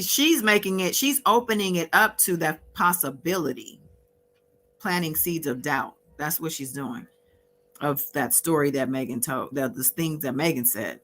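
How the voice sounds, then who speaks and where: A woman hosting a casual recap, reading out exchanges from her notes with frequent fillers and pauses. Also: low-pitched, fairly bright tone, slight background noise. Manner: reads out courtroom exchanges from notes, pausing with fillers. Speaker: host recapping a court trial.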